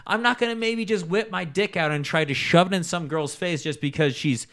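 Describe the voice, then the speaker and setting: A man with a bright, forceful, crisp voice trades crude, profane jokes in loose comedic banter. He rambles through stories and barely pauses. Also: high-pitched.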